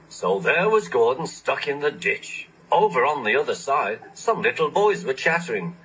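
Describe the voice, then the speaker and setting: A man reading a children's storybook aloud, expressive and animated. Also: mid-range voice, normal speed, hardly any pauses, breathy edge, rough recording. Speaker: narrator.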